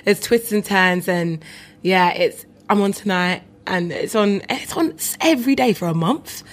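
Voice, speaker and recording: A young comedian from London chats with a London accent in a casual interview. She is animated, laughing often and throwing in quick asides, and her voice sits mid-pitch. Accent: London English. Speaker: comedian guest.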